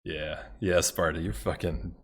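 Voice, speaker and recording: A man with a fairly low voice talks his way through a strategy game in loose, casual commentary. He mutters to himself, gets excited, and swears freely when a move goes wrong. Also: a little slow. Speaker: gameplay commentator.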